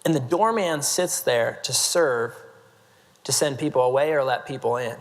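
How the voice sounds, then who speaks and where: Speaking at medium pitch and normal speed, a keynote speaker from Nebraska entertains a live audience with humorous stories on a large convention hall's main stage, the hall's long reverb audible. He's playful and self-deprecating, teases the crowd, and uses "like" heavily.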